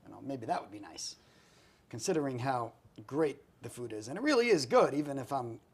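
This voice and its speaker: Husky, lively-voiced man telling stories. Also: medium pitch, a little fast. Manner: animated anecdotal storytelling with acted quotes. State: reacting to spicy food. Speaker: guest storyteller. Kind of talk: casual storytelling chat.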